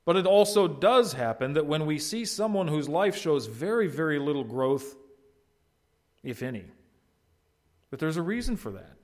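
A man preaching a sermon, swinging between loud, emphatic peaks and quiet asides, and asking the congregation questions. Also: a little high, animated, normal speed, pauses often. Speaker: pastor.

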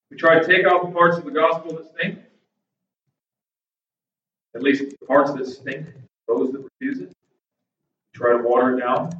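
A man with a high voice delivers an animated sermon and acts out people's reactions. He is recorded from a distance in an echoey church sanctuary, and the sound is dull. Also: a little hiss or hum. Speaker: pastor.

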